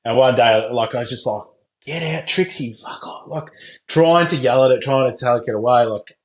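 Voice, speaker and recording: A man's voice: medium pitch, fairly quick, a little mellow. A young Australian man hosting a podcast, telling stories in casual chat, swearing and laughing often. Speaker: podcast host.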